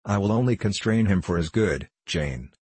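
A man's voice: low-pitched, lively intonation, normal speed, a little mellow, slightly rough, no room sound. A man voicing a stern, pompous small-town deacon who speaks in stiff formal phrases.

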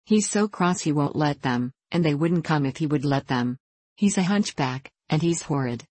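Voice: medium pitch, animated, normal speed, darkish tone, slightly rough, no room sound. Figure: impudent seven-year-old boy, voiced by a storybook narrator. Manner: scornful, teasing. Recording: dry, close. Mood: mocking. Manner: scornful, mocking.

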